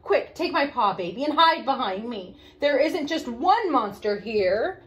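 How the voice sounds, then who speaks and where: A woman's voice: fairly high pitch, sing-song, unhurried. A woman voicing a boastful father bear in a storybook, hearty and sure of himself. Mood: alarmed. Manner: hearty and reassuring, turning alarmed.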